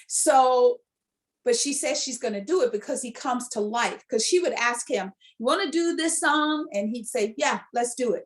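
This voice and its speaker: Lively, sentimental woman telling a story. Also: a little high. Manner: animated storyteller, acts out quotes. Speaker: co-host. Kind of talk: casual chat.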